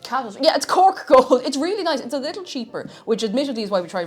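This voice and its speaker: A woman streaming with an Irish accent, chatting through a cooking livestream. She reads viewer messages aloud and answers them warmly, sometimes talking with a full mouth. Soft music plays in the background. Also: high-pitched, very animated, fast talker, hardly any pauses. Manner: talks while snacking, sometimes with a full mouth. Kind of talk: casual cooking livestream chat.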